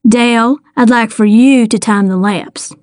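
Woman reading a steady, stubborn young racer. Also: fairly high pitch, a little slow, dry recording, clean studio sound, natural voice. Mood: calm.

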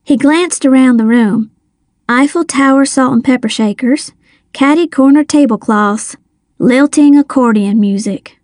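A woman reading a first-person novel aloud with lively, expressive storytelling. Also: high-pitched, measured pace, no room sound, studio quality. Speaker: audiobook narrator. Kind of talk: scripted first-person narration.

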